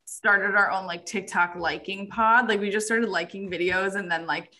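Bright-voiced woman podcast guest. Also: mid-range voice, steady tone, normal speed. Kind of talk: casual chat.

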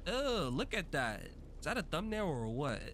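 A man hosting a gaming channel, giving casual, excitable let's-play commentary and swearing freely. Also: a little high, a little slow, soft background music. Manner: chatty and excitable, swears freely, talks a lot when nervous.

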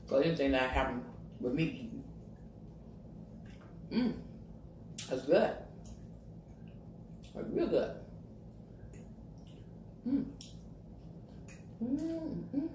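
A woman's voice: sits low, sing-song, slow, long pauses, darkish tone. A woman chats casually to her viewers while eating, humming over her food and talking with her mouth full. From Virginia, USA. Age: 50s. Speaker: mukbang vlogger. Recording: echoey room with faint noise.

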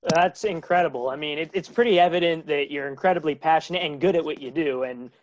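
Male host, quick astonished reactions, muffled sound. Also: a little high. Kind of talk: interview reactions.

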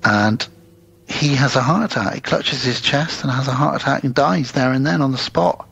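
A man co-hosting a podcast, calmly and methodically recapping a film's plot in casual chat. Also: mid-range voice, moderate pace, creaky, husky, no echo, low-quality recording. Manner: steady, methodical storyteller. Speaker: podcast co-host.

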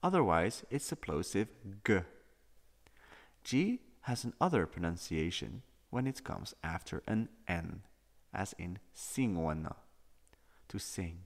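A man teaching a language lesson, explaining and slowly demonstrating how each letter sounds. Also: sits low, vocal fry, long reverb tail. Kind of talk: educational video lesson.

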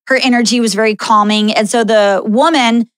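A woman's voice: on the high side, moderate pace, dry recording. A middle-aged woman hosting a podcast, telling a story in casual chat, full of fillers and "like". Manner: animated storyteller, many fillers and "like". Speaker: podcast host.

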